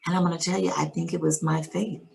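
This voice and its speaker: A woman, a guest in an interview, calmly and reflectively retelling a personal story. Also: on the low side, quick pace, gravelly, husky, poor audio.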